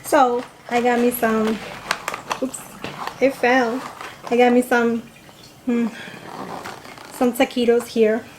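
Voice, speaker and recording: A woman's voice: on the high side, little pitch movement, slow, long pauses, noisy background. A young woman vlogger chatting casually, telling a story and eating on camera, rambling with lots of fillers. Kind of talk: casual storytime and mukbang chat.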